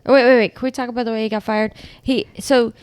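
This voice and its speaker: A woman co-hosting a podcast, recapping a TV episode in casual chat with lots of swearing and animated storytelling. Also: on the high side, fast, clear, resonant tone, no echo. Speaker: podcast co-host.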